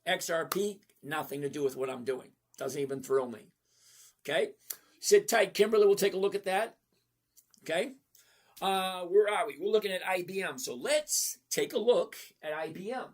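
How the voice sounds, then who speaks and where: A man's voice: high-pitched, normal speed. A man in his sixties hosting a live trading stream, chatting casually and answering viewers by name. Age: 60s. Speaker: stock trading livestream host.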